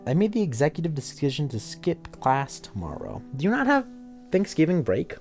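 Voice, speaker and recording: A man's voice: fairly high pitch, huge pitch swings, normal speed, a little mellow, faint music behind. A young man streaming a story game, chatting with his viewers in a casual, joking way and swearing freely. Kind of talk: casual live-stream chat while playing a story game.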